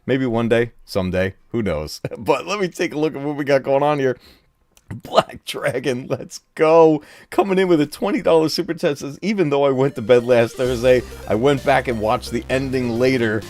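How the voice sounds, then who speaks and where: A man hosting a casual live gaming stream from home, excitable and laughing often as he talks to his chat. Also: mid-range voice, moderate pace, no echo, faint music behind. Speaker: gaming channel host. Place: home room.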